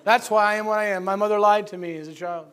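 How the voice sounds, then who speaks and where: A middle-aged man from upstate New York preaching and telling personal stories, acting out the voices in them with loud shouts and dropping to a soft low tone for serious moments. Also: quick pace. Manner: animated, acts out voices of people in his story with loud high shouts. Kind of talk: sermon storytelling.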